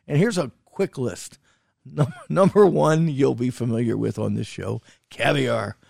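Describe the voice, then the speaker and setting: A man's voice: medium pitch, a little slow, vocal fry, darkish tone, dry recording. A man co-hosting a food podcast in casual chat, rambling with restarts and fillers and swearing for emphasis. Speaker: podcast co-host, food critic.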